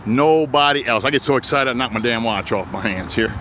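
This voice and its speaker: A man, a used car dealer giving a joking, folksy sales pitch while walking around his lot outdoors. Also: a little fast, noisy background.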